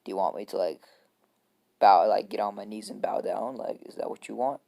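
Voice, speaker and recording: A man's voice: on the low side, fairly quick, creaky, mellow. A man voicing an easygoing young male ninja traveler who talks in an apologetic, rambling way.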